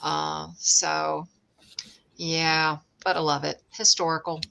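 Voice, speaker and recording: A woman's voice: low-pitched, little pitch movement, gravelly, pushed and bright. A middle-aged woman, a guest, telling stories in a chatty, joking way. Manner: chatty storyteller, quick to joke. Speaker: guest, ghost tour owner. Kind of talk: casual chat.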